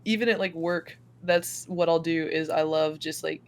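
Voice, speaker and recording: A woman's voice: low voice, normal speed. Laughing young woman telling stories. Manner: animated, laughing often, acts out quoted voices. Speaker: podcast guest. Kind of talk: casual storytelling chat.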